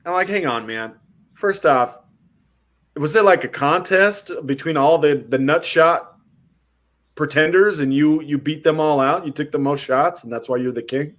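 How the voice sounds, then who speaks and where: Bright-voiced man telling a wild story. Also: normal speed. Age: young adult. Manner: acts out quotes with big jumps in pitch. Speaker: podcast host. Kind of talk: animated storytelling.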